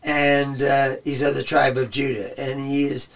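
A man with a gravelly, creaky voice gives a loose, conversational Bible teaching that wanders from point to point. His voice sounds a bit worn, as if he is losing it. He sits back from the microphone, so he sounds distant. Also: mid-range voice, little pitch movement, measured pace, hardly any pauses. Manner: rambling, conversational.

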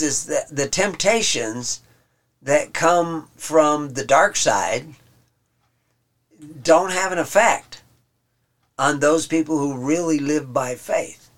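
A man giving an informal Bible study lesson. He pauses often, restarts his sentences and explains the text word by word. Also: fairly high pitch. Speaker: Bible teacher.

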